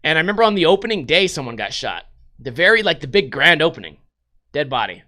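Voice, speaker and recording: A man comically reading and riffing on news articles, profane and animated with laughing asides. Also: fairly high pitch, fast talker. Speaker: comedy commentator.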